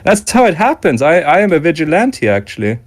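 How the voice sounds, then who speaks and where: A man in a casual online chat, delivering deadpan, rambling jokes with frequent stammers. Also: fairly high pitch, fairly quick. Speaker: regular guest.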